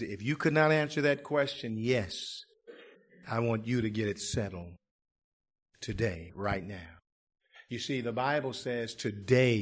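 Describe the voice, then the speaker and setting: A man preaching an evangelistic sermon and leading an altar call, swinging from fervent shouts to hushed, pleading appeals. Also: mid-range voice.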